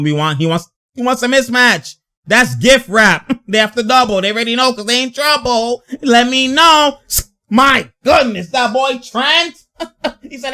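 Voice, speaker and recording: A young man giving casual, animated commentary while reacting to a basketball game, slangy and laughing often. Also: high-pitched. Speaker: sports commentator.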